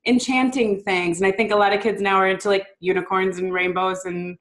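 This children's book author, interviewed casually as a guest, talks fairly quickly in a steady, mid-range voice. She's chatty and cheerful, full of "um" and "like," and imitates a kid's voice for quoted lines.

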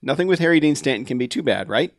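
Chatty podcast host reading email. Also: male voice, mid-range voice, lively intonation, fast talker, creaky, no echo, studio quality. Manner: laughs often while reading aloud. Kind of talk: casual chat.

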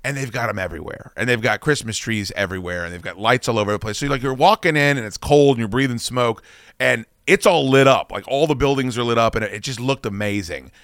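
A man hosting a podcast, telling rambling, profane anecdotes in a casual, animated way. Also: medium pitch, fast talker, no room sound, studio quality. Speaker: podcast host. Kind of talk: casual storytelling chat.

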